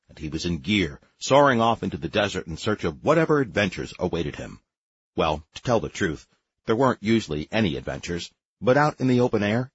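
Man, audiobook narrator, scripted narration, measured and wry, lively intonation, dry close sound. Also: low-pitched, slightly rough, no echo, highs cut off.

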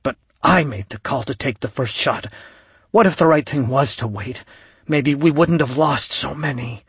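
A man playing a grieving, guilt-ridden male fleet commander in an audiobook, speaking in a low, broken murmur with a husky voice. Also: moderate pace, a bit bright, no echo.

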